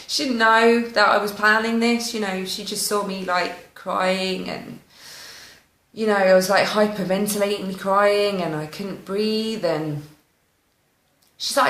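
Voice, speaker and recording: A woman's voice: mid-range voice, fairly even intonation, a little slow, a bit bright. A woman telling her own story in a raw, candid and emotional way, swearing freely. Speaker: spiritual vlogger. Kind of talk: personal confessional storytelling. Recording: roomy echo.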